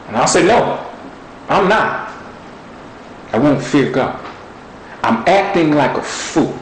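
A man's voice: medium pitch, a little hiss or hum. A man preaching a sermon in an earnest, conversational storytelling way. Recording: roomy echo with faint ambience.

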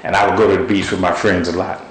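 Male preacher, lower voice, animated storyteller, roomy echo. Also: very fast. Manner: storytelling, animated with sudden high shouts. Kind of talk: sermon.

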